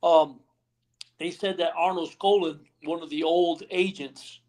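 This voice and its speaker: Unhurried and steady, this man's voice is fairly high yet darkish in tone. As a guest retired wrestler on a remote live stream call, he spins rambling backstage anecdotes for the interview, acting out quotes and leaning on "you know what I mean".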